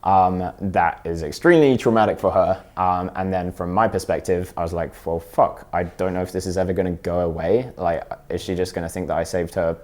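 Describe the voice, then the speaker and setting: A young man and podcast guest telling a story in candid, halting casual chat, acting out the lines he quotes. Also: low voice, fairly even intonation, darkish tone.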